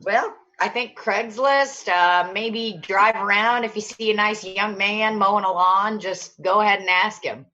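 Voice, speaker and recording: Brief: casual female podcast host, mid-pitched, lively storyteller, slightly dull podcast sound. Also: measured pace, hardly any pauses. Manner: chatty storyteller, swears freely, animated retelling. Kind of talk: casual chat.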